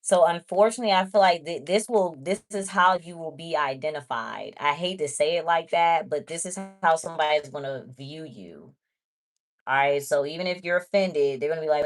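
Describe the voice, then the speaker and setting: A woman's voice: low-pitched, normal speed. A woman giving a casual tarot reading, chatty and blunt, talking straight to her viewers. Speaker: tarot reader.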